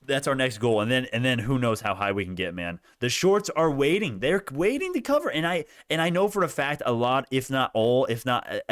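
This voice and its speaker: A young man giving animated live commentary on stock prices, laughing and repeating himself, his voice worn out. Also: medium pitch, dry recording, studio quality. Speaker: stock market streamer. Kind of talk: excited live market commentary.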